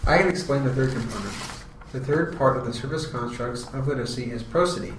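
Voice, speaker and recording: A man's voice: medium pitch, fast, reverberant, noisy background. Man presenting from a distance. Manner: explanatory, reads prepared text. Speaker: student presenter. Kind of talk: reading a scripted class presentation.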